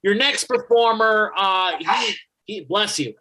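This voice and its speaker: A man's voice: high voice, slow pace, background noise. A man hosting a virtual comedy benefit, hyped and swearing, hollering catchphrases between acts. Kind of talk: emceeing a virtual comedy show.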